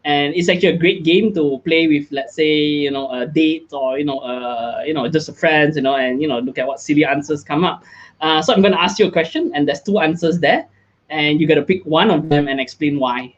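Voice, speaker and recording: Male host, slightly high voice, upbeat chatty, dull online-call sound. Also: a little fast. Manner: upbeat, chatty, frequent laughs and fillers. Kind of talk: casual live interview chat.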